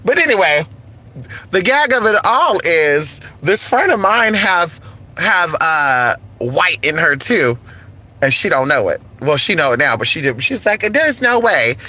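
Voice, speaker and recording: A woman's voice: deep voice, big pitch swings, a little slow, pushed and bright. Sassy woman calling everyone honey. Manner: sassy, campy, drawling "honey" and "girl" asides. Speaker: spiritual talk host. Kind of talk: casual spiritual talk with singing along to music. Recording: faint music behind.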